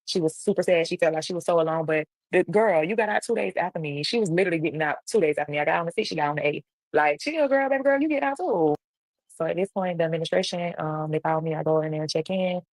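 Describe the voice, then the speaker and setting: A young adult woman telling a casual storytime on a livestream, animated and acting out the voices of people in her story. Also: low-pitched, racing, hardly any pauses, dry recording, low-quality recording. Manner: animated, acts out quoted voices. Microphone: livestream computer mic.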